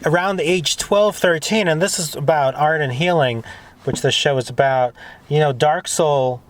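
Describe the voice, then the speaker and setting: A man hosts a casual conversation, talking in an earnest, rambling way with plenty of emphasis. His voice sits fairly high for a man. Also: normal speed. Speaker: host.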